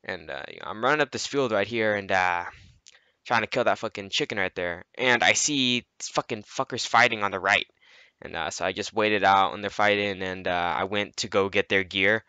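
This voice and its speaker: A man's voice: on the low side, normal speed, bright, forceful tone, clear, resonant tone, no echo. A man narrating his gameplay in a casual, rambling way, swearing constantly. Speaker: gameplay commentator.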